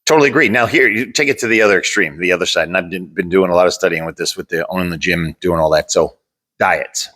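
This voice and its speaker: A man's voice: low-pitched, fast, pushed and bright. A man who owns a gym, co-hosting a podcast in a blunt, casual way and swearing freely. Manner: blunt, swears freely, talks through examples. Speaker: podcast co-host and gym owner. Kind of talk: casual chat.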